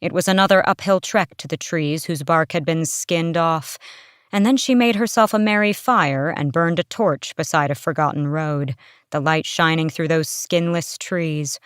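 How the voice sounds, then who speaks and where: Woman reading a fantasy book aloud, low smooth voice, dry close sound. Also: normal speed, no room sound. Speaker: audiobook narrator. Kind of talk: storybook narration.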